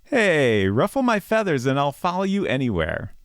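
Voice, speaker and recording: A vain male egret from a swamp adventure game, voiced by a man with a gravelly, slightly raised voice. He speaks in a teasing, flirtatious way and lets his pitch swoop around. The sound is close and dry. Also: very animated, normal speed, no echo. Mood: flirty.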